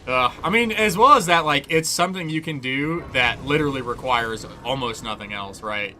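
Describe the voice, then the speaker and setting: A man's voice: mid-range voice, moderate pace, few pauses, pushed and bright. A young man streaming a game, chatting casually in a loose, profane, rambling way and laughing often. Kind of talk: casual chat while gaming.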